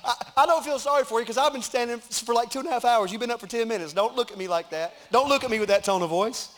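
A man's voice: very high-pitched, fast. A middle-aged man, preaching in a conversational, joking way from a church stage. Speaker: pastor. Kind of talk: sermon with announcements and prayer.

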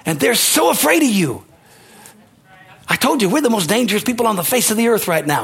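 Husky high-voiced male preacher. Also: big pitch swings, a little fast, pauses often, a bit bright. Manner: emphatic preaching with rising exclamations; repeats lines and calls out amen and hallelujah. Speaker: pastor. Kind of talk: sermon.

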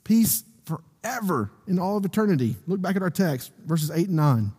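A pastor preaches in a high, ringing voice, reading scripture and building to emphatic peaks. His words trail off into the long reverb of a large hall. The sermon swells in waves and then settles back down. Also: very animated, moderate pace, slightly rough. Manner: reads scripture aloud, rising to loud emphatic peaks.

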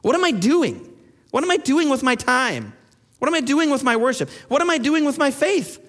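A man's voice: very high voice, very animated, normal speed, fairly bright tone, in a large hall. A man in his thirties, a pastor preaching a sermon, telling stories and then pressing his listeners with urgent questions. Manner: storytelling, rising to urgent challenges. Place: church sanctuary.

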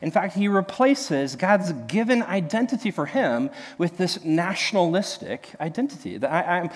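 Young pastor chatting through a sermon story. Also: male voice, sits high, expressive, normal speed, hardly any pauses, big-room sound. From Nebraska. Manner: chatty storytelling with many fillers and restarts. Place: church.

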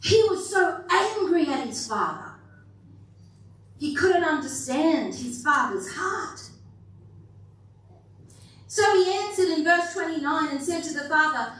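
A woman's voice: sits high, animated, measured pace, pauses often, fairly bright tone. A woman pastor giving a sermon to a congregation in a conversational, playful way, often putting questions to the room. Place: church hall with a congregation. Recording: very echoey hall, distant mic.

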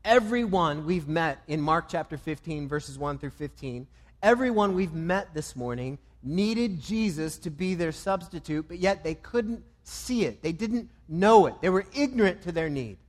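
A man's voice: fairly high pitch, lively intonation, a little slow. Man preaching in a reverberant hall. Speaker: pastor. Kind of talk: sermon.

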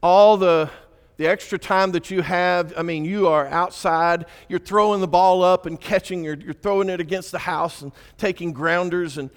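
Guy preaching, high voice, goes quiet then punches it, big echoey church. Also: normal speed, clean tone. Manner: animated, swings from hushed to emphatic. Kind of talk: sermon.

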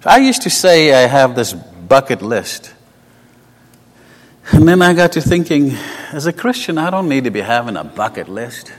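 A man with a South African accent preaching a sermon. He talks conversationally and tells personal stories, moving between emphatic lines and hushed asides. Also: medium pitch, sing-song, normal speed. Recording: long hall reverb.

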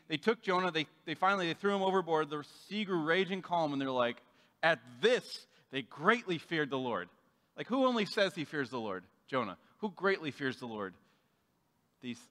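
Male pastor, casual storytelling sermon, bright tone, big-room reverb. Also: fairly high pitch. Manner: conversational, acts out quoted voices.

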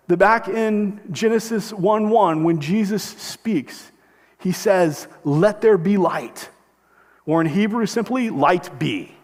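A man's voice: sits high, long reverb tail. A man preaching a sermon as pastor, earnest and emphatic, rising and dropping his voice for stress.

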